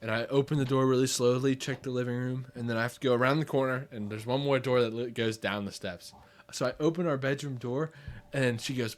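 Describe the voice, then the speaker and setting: A man's voice: medium pitch, fairly quick. A young man co-hosting a podcast, telling a story in casual chat and laughing through it. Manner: animated, laughs through his story and acts out voices. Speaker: podcast co-host.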